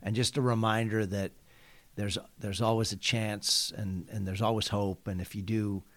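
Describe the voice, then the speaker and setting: A man's voice: on the low side, little pitch movement, normal speed, dry recording. A man hosting an interview podcast, speaking thoughtfully and hesitantly, searching for words as he reflects. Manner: thoughtful, hesitant, many fillers and restarts. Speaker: host, school superintendent.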